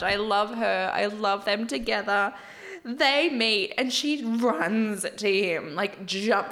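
A woman's voice: medium pitch, takes it slowly, fairly bright tone. A woman with an Australian accent hosting a reality TV recap in casual chat, gushing, swearing freely and giggling often.

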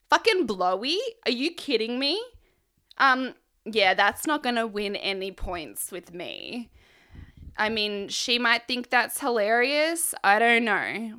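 A young woman recaps a reality show with irreverent sarcasm and free swearing. She talks slowly and leisurely, her tone bright and forceful. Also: medium pitch, smooth. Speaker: recap vlogger.

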